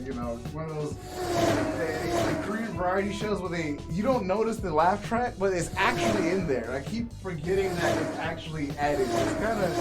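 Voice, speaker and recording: A high, lively male voice hosting a casual livestream chat. He rambles, trips over his own sentences and keeps breaking into giggles. He sounds set back from the mic, with music playing clearly underneath. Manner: giggly, rambling with many restarts. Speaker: talk show host. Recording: distant mic with music behind.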